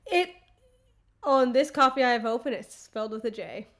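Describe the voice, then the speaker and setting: A woman's voice: on the high side, expressive, normal speed. A woman co-hosting a podcast, gushing with enthusiasm in a casual book discussion. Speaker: podcast co-host.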